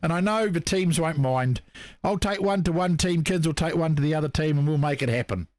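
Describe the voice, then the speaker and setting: A New Zealand man co-hosts a casual live show, reading out viewer comments while losing his voice, chatty and apologetic throughout. His voice is on the high side and darkish in tone, he talks a little fast, and the studio-quality recording has no room sound.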